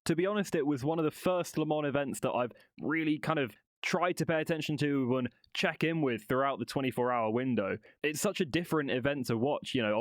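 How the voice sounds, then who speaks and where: A man's voice: medium pitch, dry recording. A man hosting a solo motorsport podcast from a studio, talking in a rambling, conversational way with restarts and self-corrections. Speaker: podcast host.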